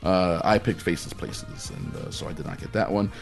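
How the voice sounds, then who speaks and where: A man's voice: low voice, normal speed, gravelly, soft background music. A man hosting a show, telling stories in casual chat with a wry, rambling manner and plenty of fillers. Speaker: podcast host.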